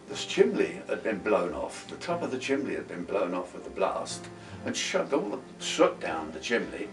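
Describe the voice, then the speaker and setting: A man, telling wartime memories in a lively, folksy way with plenty of asides. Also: on the low side, normal speed, hardly any pauses. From London, England. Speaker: interviewee, wartime veteran. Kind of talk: casual spoken recollection. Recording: roomy, distant mic with faint guitar music.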